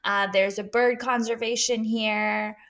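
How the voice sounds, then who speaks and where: A woman with a fairly high voice co-hosts a podcast from her dining room at home. She chats easily, fills pauses with "um" and "like", and laughs often. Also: little pitch movement, a bit bright. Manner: chatty, many fillers, laughs often. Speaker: podcast co-host. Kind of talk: casual chat.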